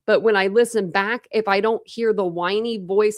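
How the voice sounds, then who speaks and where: In a dry, studio-quality recording, a woman with a medium-pitched voice speaks at a moderate pace and a steady tone. She hosts a true crime livestream, chatting casually with live viewers and thinking out loud with many restarts.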